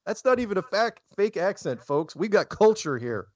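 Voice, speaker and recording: A man hosting a talk show, talking in a rambling, animated way and laughing often. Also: high-pitched, moderate pace, muffled recording. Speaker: show host. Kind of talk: casual interview chat.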